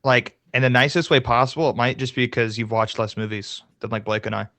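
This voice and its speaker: A man's voice: mid-range voice, steady tone, brisk, fairly bright tone, no echo. A man co-hosting a casual film podcast, talking animatedly, swearing freely and ranting with mock outrage. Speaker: podcast co-host.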